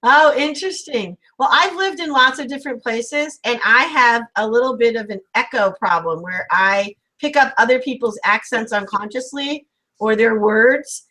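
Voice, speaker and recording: A woman's voice: on the high side, moderate pace, low-quality recording. Chatty woman host from St. Louis. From St. Louis, Missouri. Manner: chatty, warmly teasing questioner. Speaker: podcast host. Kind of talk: casual video-call interview.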